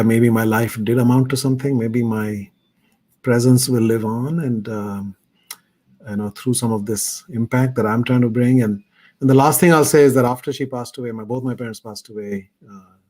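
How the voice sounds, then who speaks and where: Middle-aged guy on a video call, earnest and reflective, average pitch. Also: darkish tone. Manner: earnest, thoughtful. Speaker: guest speaker. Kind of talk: reflective personal storytelling talk.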